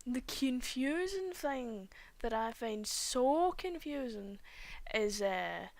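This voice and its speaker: A woman's voice: fairly high pitch, animated, takes it slowly, no room sound. A young woman, chatting casually and rambling while she draws on a stream, recorded on a cheap home microphone. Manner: rambling, chatty, often trails off mid-sentence. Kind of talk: casual chat while drawing.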